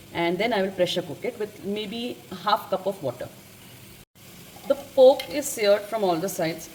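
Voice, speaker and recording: A woman hosting a home cooking lesson, chatty and correcting herself as she explains each step in her kitchen. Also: medium pitch. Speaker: cooking channel host. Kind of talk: casual cooking demonstration. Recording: loud kitchen noise behind. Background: frying and sizzling sounds.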